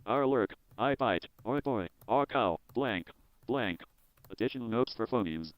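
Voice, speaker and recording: A man hosting his own video, reading a technical software manual aloud in a measured, word-by-word way with small restarts. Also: medium pitch, expressive, no room sound, dull audio. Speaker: host.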